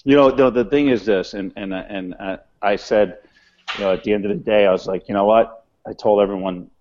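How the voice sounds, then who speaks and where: A deep-voiced man with a New York accent talks bluntly, looping back on himself with many restarts. He speaks as a restaurant owner in a casual interview. The sound is dull and muffled. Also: fairly even intonation, fairly quick, darkish tone, slight background noise.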